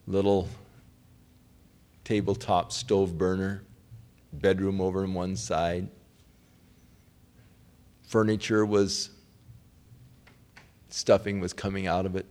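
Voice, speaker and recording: A man's voice: low voice, level tone, slow pace, long pauses. Man preaching an emotional story. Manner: emotional, heartfelt storytelling with wide swings between hushed and raised. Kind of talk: storytelling sermon.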